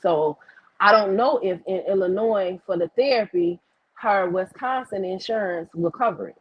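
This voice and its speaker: Husky-voiced woman talking bluntly on a livestream. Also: medium pitch, moderate pace, no room sound, muffled recording. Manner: blunt, profane storytelling; reads and answers viewer comments. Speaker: livestream host. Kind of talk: casual livestream chat.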